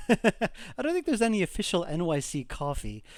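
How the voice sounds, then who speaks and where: A man's voice: sits high, huge pitch swings, normal speed, no room sound, clean studio sound. Rambling middle-aged New guy. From New York. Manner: rambling, chatty with fillers and soft laughs. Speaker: game developer. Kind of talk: casual livestream chat.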